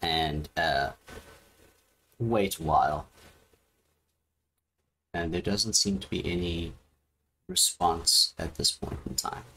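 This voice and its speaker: A man running a tabletop game as game master, describing scenes in a halting way over a voice call. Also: low-pitched, vocal fry, sharp tone, slightly rough. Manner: halting, with many restarts and fillers.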